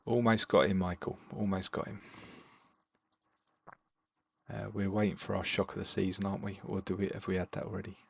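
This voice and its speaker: A man's voice: sits low, fast talker, vocal fry, breathy edge, dry recording, highs cut off. A man co-hosting a podcast, chatting casually and rambling about game results. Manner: relaxed, rambling with fillers. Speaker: podcast co-host. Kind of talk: casual chat reviewing fantasy football games.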